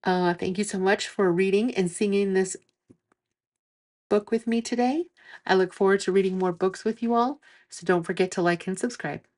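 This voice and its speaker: A woman host reading picture books aloud to young children, gentle and clear, asking them little questions. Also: mid-range voice, normal speed. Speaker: children's storybook reader and channel host.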